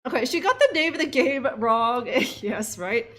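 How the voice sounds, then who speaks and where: A woman's voice: on the high side, lively intonation, a little slow, fairly bright tone. A young woman streaming a game live, giving sarcastic, profane commentary full of laughs and fillers.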